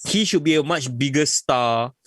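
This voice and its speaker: A young adult man co-hosting a wrestling podcast, chatting casually and excitedly, laughing often and saying "bro" and "like". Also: a little high, moderate pace, no room sound. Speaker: podcast co-host.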